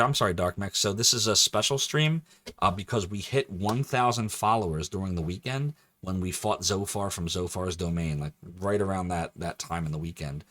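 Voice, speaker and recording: A man's voice: lowish voice, sharp tone. A male game streamer chatting casually with his viewers as he plays, rambling and laughing often. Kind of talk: casual live-stream commentary.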